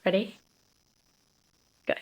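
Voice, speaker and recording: A young woman chatting casually in a vlog, soft, giggly and confiding. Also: slow pace, low-quality recording. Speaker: vlogger.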